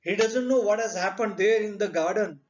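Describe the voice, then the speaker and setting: A man with an Indian English accent teaching a literature lesson, speaking slowly and deliberately and asking rhetorical questions. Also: sits high. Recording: dull lo-fi recording.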